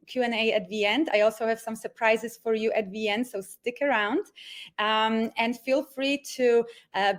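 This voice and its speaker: A woman coach hosting a live online masterclass, upbeat and encouraging, with the odd filler pause, speaking into a video call microphone. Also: on the high side. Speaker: mindset coach hosting a webinar.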